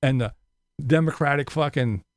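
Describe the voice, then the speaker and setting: A man's voice: medium pitch, normal speed, no room sound, studio quality. A man ranting profanely on a casual live stream, sarcastic and mocking. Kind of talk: casual livestream rant.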